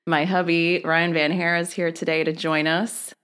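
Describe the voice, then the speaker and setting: A woman's voice: fairly low pitch, little pitch movement, a little slow, fairly bright tone, smooth. A woman hosting a casual podcast with her husband, cheerful and laughing often. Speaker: podcast host.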